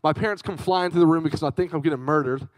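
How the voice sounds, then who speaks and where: A young man giving a youth sermon, telling a personal story in a chatty, lively way and calling out to his young audience. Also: fairly high pitch, racing, no echo. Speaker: youth speaker.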